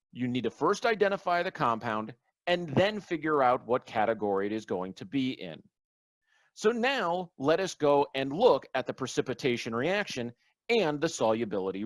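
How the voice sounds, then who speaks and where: A man's voice: mid-range voice, dry recording. A man giving a recorded online chemistry lecture, explaining step by step through exam examples.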